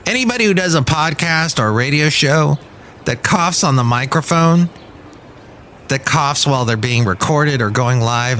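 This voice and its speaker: A man's voice: mid-range voice, a bit bright, slight background noise. Rambling, wry podcast host man. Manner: rambling, wry, opinionated asides. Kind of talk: casual solo podcast monologue.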